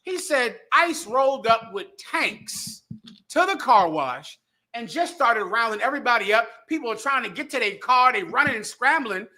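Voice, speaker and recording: A man's voice: very high-pitched, lively intonation, normal speed, bright, forceful tone. A man co-hosting an online show, giving heated, emphatic political commentary over a remote call. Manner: emphatic, indignant, rhetorical. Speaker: show co-host.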